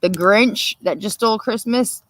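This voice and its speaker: A woman's voice: mid-range voice, unhurried, very noisy. A woman hosting a livestream, rambling, profane and laughing as she chats. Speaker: livestream host. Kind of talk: casual late-night chat.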